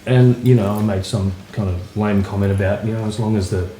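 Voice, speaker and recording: A man's voice: fairly low pitch, brisk. Laid-back man telling stories. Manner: relaxed, anecdotal, many fillers. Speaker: guitarist. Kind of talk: casual interview storytelling. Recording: roomy echo, faint music.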